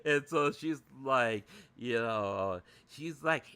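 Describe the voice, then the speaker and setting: A man chatting casually on a livestream, halting and laughing often. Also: medium pitch, expressive, pushed and bright, clean tone. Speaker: streamer.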